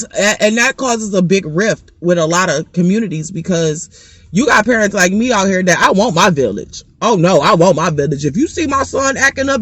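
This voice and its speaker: A woman's voice: mid-range voice, a bit bright, breathy edge, no echo. A woman, a parent, delivering a blunt, heated rant to camera full of cursing. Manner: blunt, profane, fired-up. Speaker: parent vlogger.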